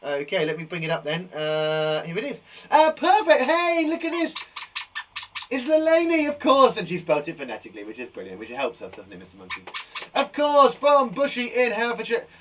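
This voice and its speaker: A man runs a live online lesson for young children, upbeat and full of encouragement. His voice sits fairly high and swoops about a lot. He is picked up from a little distance, with a faint hum of ambience behind him. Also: sing-song, a little fast. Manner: upbeat, warmly encouraging, chatty with a puppet. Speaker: primary school teacher. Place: garden shed.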